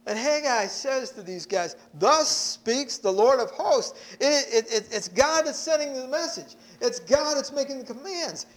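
Male preacher, sermon delivery, slow and deliberate, emphatic with repeated words. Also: extremely high pitch, expressive. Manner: emphatic, repeats words when stressing points.

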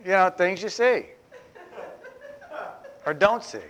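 A man preaching a sermon as pastor, chatty, with humorous asides, and slowing down to stress key phrases. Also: high voice, animated, a bit bright, a little hiss or hum.

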